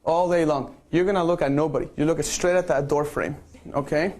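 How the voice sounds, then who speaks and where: A man's voice: a little high, steady tone, fairly quick, darkish tone. Playful man directing a photo shoot. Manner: playful, coaxing, repeats okay. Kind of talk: live-streamed instruction.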